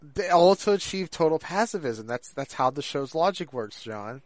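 A man co-hosting a podcast in casual chat, rambling and halting with lots of fillers and restarts. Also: a little high, animated, no echo. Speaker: podcast co-host.

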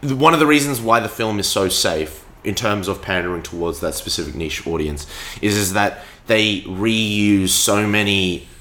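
A young man talks through a film review in a casual chat, pausing and restarting as he thinks. His voice sits fairly low but sounds bright and forward. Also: expressive. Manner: hesitant, many fillers and restarts. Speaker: podcast co-host reviewing a film.

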